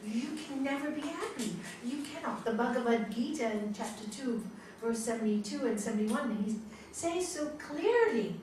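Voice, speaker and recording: A woman yoga teacher giving a spiritual talk to a class, telling stories in an animated way and laughing often. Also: a little high, moderate pace, a little hiss or hum. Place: large hall. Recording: echoey hall from far off.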